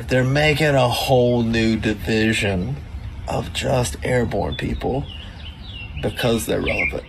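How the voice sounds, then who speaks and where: A man's voice: medium pitch, unhurried, creaky, a little hiss or hum. A man delivering a mocking trash-talk monologue, goading his listeners.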